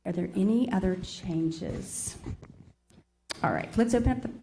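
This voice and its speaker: A woman's voice: medium pitch, measured pace, gravelly, dark tone, a little hiss or hum. A woman chairing a public meeting. She reads long lists of agenda numbers and apologizes often.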